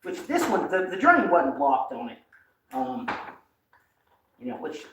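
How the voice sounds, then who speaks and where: A man's voice: fairly high pitch, huge pitch swings, a little slow. A man, hosting a casual live stream while working on a car part in his garage, talking in a folksy way and muttering to himself as he goes. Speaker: host. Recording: echoey, distant, noisy shop.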